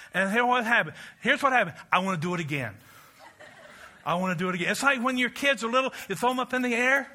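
A man preaching a sermon as pastor, telling a story with acted-out voices, swinging from loud shouts to quiet asides. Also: high-pitched.

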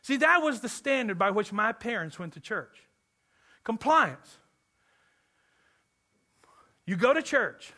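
Animated preacher from Kentucky, high bright voice. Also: male voice, takes it slowly, long pauses. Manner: animated, joking with the congregation. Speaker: pastor. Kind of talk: sermon. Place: church.

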